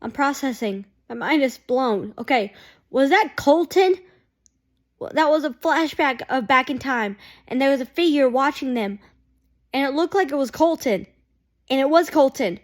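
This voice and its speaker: A woman vlogger reacting to a TV episode in an excitable, gushing way, full of exclamations. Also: sits high, moderate pace.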